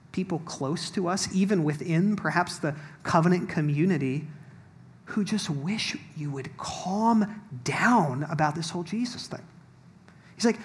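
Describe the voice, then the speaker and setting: A man giving a sermon as pastor, reading scripture and explaining it in a wry, conversational way with asides to the congregation. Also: sits high.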